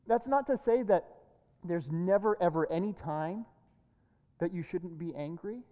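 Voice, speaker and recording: A woman's voice: on the low side, measured pace, mellow. A woman pastor preaching a sermon in an earnest way, often repeating and restarting words. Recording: echoey hall reverb.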